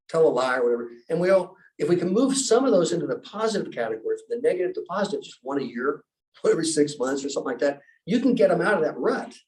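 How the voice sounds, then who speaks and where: A man's voice: on the high side, distant mic, rough recording. A middle-aged man, a pastor and former military rescue specialist, telling stories in an interview and acting out the voices he quotes. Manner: animated storyteller, acts out quoted voices. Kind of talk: storytelling in an interview.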